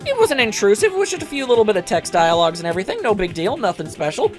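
A woman doing let's play commentary, ranting in an animated way, full of asides. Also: medium pitch, racing, faint music behind. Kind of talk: gameplay commentary rant.

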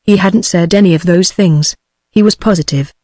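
A synthetic British female text-to-speech voice narrating an audiobook in a flat, even reading. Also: on the low side, normal speed, no echo, clean studio sound. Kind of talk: scripted narration.

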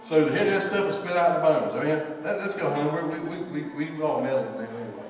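A man's voice: on the high side, fast talker, soft background music. A man, preaching an informal, conversational sermon full of storytelling asides in a church. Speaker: pastor. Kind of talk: informal sermon at a weeknight service. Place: church sanctuary. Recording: echoey church hall, mic from far off.

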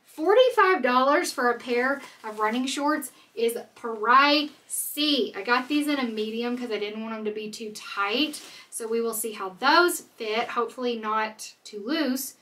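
Bright, chatty woman vlogger. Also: fairly high pitch, unhurried, few pauses, recorded from a distance. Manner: chatty, candid and joking. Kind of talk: casual try-on haul chat.

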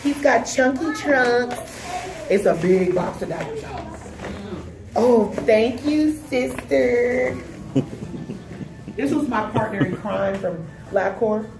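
A woman's voice: medium pitch, expressive, slow pace, long pauses, over music. A woman in her thirties opening gifts at a party, gushing and laughing often in casual chat. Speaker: guest of honor opening gifts. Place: indoor party gathering. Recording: echoey room with loud background noise.

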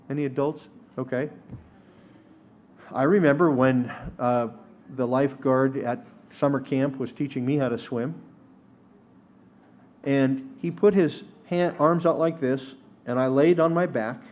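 A man's voice: medium pitch, a little mellow. A man teaching a sermon at a synagogue service, earnest and emphatic, sometimes rising to exhortation. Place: synagogue sanctuary.

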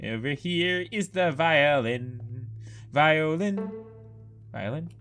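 A man giving let's play commentary on a horror game, excitable and prone to profane outbursts. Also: a little high, slow pace, faint music behind. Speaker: gameplay commentator.

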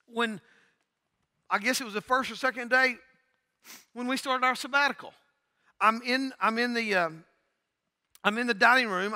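High-pitched bright preacher. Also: male voice, in a large hall. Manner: storytelling with dialogue, building to emphatic calls. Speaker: pastor. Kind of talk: sermon.

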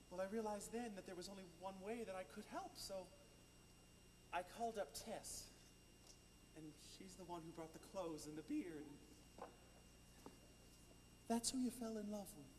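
A man's voice: sits high, normal speed, long pauses, lightly acted. A stage actor playing an earnest young showman in love, talking eagerly and pleading, in a live musical. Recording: distant stage audio in a large hall, noisy.

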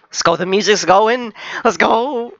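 Excitable man reacting to anime. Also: sits high, unhurried, creaky, no echo, highs cut off. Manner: excitable, talks back to the screen. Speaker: anime reaction channel host. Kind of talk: live reaction commentary.

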